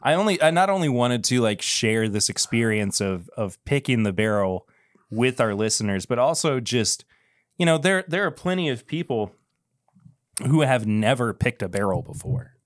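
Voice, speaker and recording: A man's voice: mid-range voice, expressive, moderate pace, no room sound. A man hosting a podcast, talking enthusiastically in casual chat. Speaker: podcast host.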